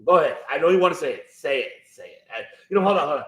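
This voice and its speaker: A man co-hosting a casual wrestling podcast, animated and stammering, swearing and breaking into loud outbursts. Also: a little high, racing, echoey room. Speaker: podcast co-host.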